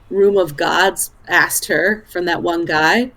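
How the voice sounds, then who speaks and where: A woman's voice: on the low side, takes it slowly, fairly bright tone. A woman playing a tabletop game, thoughtfully speaking about her character in third person. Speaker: player. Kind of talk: casual tabletop play.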